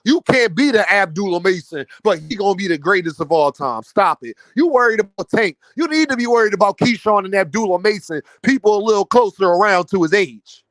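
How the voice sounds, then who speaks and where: A man's voice: high-pitched, animated, fairly quick, few pauses, fairly bright tone, no echo. A man ranting about boxing to his viewers, mocking and incredulous. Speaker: boxing commentary vlogger. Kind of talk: animated boxing rant.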